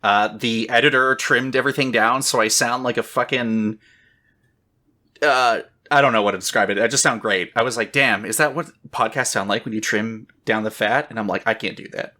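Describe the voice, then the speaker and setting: A man co-hosting a podcast in casual chat, excitable and swearing freely, with lots of "um". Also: medium pitch, normal speed. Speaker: podcast co-host.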